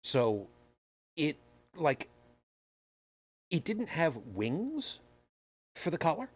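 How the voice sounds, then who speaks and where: A man's voice: fairly high pitch, wildly swooping pitch, drawn-out words, breathy edge, no echo. A man hosting a podcast, chatting casually and telling rambling, self-deprecating stories. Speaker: podcast host. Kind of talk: casual chat.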